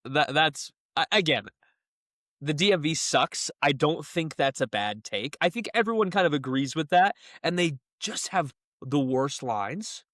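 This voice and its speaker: A young man chatting on a casual podcast, his pitch swinging widely and a bit higher than most men's. He talks in an animated, laughing way and acts out the people he quotes. The sound is dry and close. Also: unhurried, dry recording. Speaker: podcast co-host. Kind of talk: casual chat.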